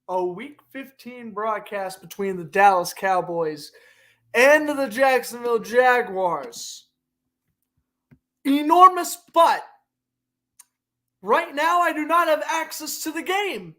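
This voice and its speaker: A man giving solo play-by-play commentary on a football game as an amateur commentator, talking fast and chatty and rising to shouts on big plays. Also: very high voice. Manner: fast, chatty, vents frustration.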